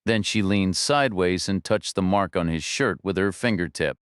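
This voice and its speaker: A man narrating a thriller audiobook in a measured, even storytelling manner. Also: low voice, clear, resonant tone, no room sound, clean studio sound.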